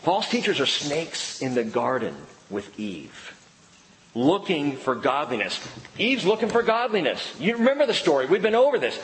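A middle-aged man preaching a sermon as a pastor, animated, with playful asides and stories. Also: mid-range voice, unhurried, big-room sound, slight background noise, low-quality recording.

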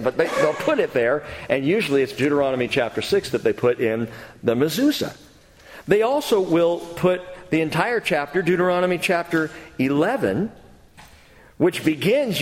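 A middle-aged man preaching a sermon as a pastor, in a conversational way with frequent restarts. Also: on the high side. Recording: long hall reverb.

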